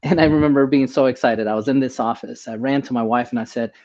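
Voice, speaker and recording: The slightly dull, lo-fi recording captures an emergency doctor guesting on a casual interview. He speaks fast at medium pitch, telling personal stories with animation and playing out the dialogue he quotes.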